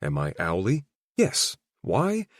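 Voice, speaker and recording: A man's voice: fairly low pitch, wildly swooping pitch, slow pace, dry recording, clean studio sound. A man narrating a romance audiobook in the first person, wry and introspective.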